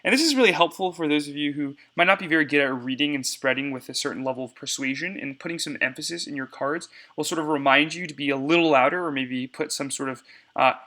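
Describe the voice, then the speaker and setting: A man's voice: on the high side, fast talker, bright, forceful tone. A young man giving a casual step-by-step screencast tutorial on cutting debate cards, talking to viewers as y'all.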